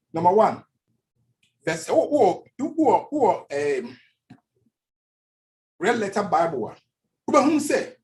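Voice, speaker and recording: A man's voice: on the high side, a little hiss or hum. A male pastor with a Ghanaian accent preaching a sermon in church, switching between languages and repeating phrases for emphasis.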